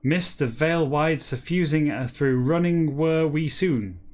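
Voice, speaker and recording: A man hosting a comic show, reading a text backwards in a deadpan voice and breaking off for dry, self-mocking asides. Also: fairly high pitch, unhurried. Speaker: host reading a novel backwards.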